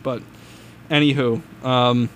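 A young man hosting a college radio show, chatting in a relaxed, rambling way with plenty of fillers. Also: mid-range voice, slow, slight background noise. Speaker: radio host. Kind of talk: casual college radio chat. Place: radio studio.

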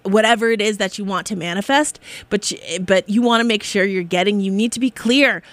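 A woman's voice: mid-range voice, a little fast, fairly bright tone, no echo. A woman hosting a casual spiritual talk, rambling and encouraging, often breaking into laughter. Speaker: spiritual podcast host.

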